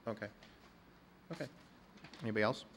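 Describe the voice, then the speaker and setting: A man runs a public planning meeting in a low, gravelly voice. He phrases his questions with care and moves steadily through procedure, with a faint hum of room noise behind him. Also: a little fast, fairly bright tone. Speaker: commission chair.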